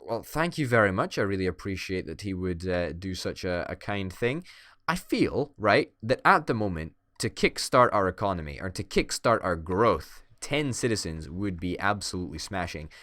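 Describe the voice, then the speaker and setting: Male gaming commentator, playful mock-villain banter, low pitch, dry mic. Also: sing-song, moderate pace, sharp tone, no echo. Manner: playful, swearing, mock-dictator bluster. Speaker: gaming YouTuber. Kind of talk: casual let's-play commentary.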